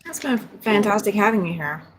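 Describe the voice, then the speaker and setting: A woman from Alabama co-hosting a casual livestream, telling stories in a relaxed way. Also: medium pitch, a little fast, a little hiss or hum.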